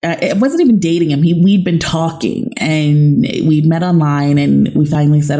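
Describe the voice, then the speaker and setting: A woman's voice: low voice, brisk, hardly any pauses, mellow. A woman in casual chat, telling a dating story with lots of laughter.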